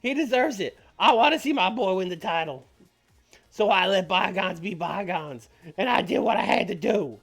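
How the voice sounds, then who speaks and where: A man puts on a loud, drawling old wrestling legend who boasts and calls everyone baby. The voice rides higher than his usual talk, and soft music plays behind it. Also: normal speed, gravelly. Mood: proud.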